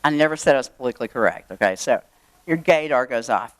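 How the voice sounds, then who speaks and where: An older woman with a drawl tells a personal story before a live audience, chatty and full of wry asides. Her voice is smooth and clear, with a dry, close sound. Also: very deep voice, expressive, fast talker, no room sound. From Texas. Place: event room.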